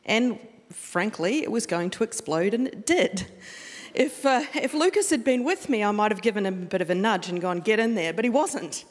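A woman's voice: medium pitch, expressive, moderate pace. A middle-aged woman with a New Zealand accent tells a story from the pulpit, talking easily with little restarts and laughs. Her mid-height voice carries into a large hall with a long reverb tail. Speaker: preacher. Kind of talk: sermon with personal story. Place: church hall.

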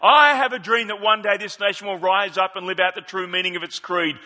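A male preacher putting on a Southern American accent to voice a famous civil rights orator, with a rolling, declamatory cadence that slows on key phrases. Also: sits high, steady tone, sharp tone. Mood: soaring, impassioned. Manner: slow, swelling rhetorical build with stretched key phrases.

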